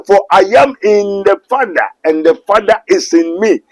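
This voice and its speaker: A man's voice: sits high, animated, moderate pace, soft background music, rough recording. A man with a Ghanaian accent, preaching in a call-and-response exchange, emphatic and quoting scripture. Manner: emphatic, quotes scripture, mixes English and Twi.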